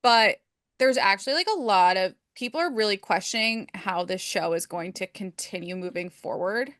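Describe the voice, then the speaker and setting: Bright-voiced woman chatting casually. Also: mid-range voice, normal speed, no echo, studio quality. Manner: chatty, hedging with frequent "like". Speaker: podcast co-host. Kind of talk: casual chat.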